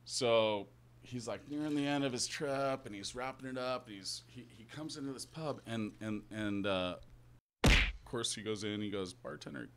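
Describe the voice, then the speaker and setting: A man's voice: medium pitch, moderate pace, noisy background. A man telling a long joke among friends, rambling, swearing and stumbling over his words. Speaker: podcast guest.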